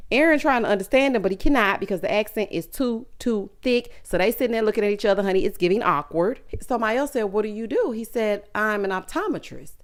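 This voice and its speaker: A woman with a Southern US accent, recapping a reality show in a sassy, chatty way with asides to her viewers. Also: medium pitch. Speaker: recap vlogger.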